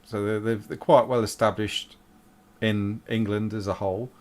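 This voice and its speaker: A man's voice: on the low side, flat delivery, normal speed. A man narrating a tabletop game as game master, hesitant, with many fillers.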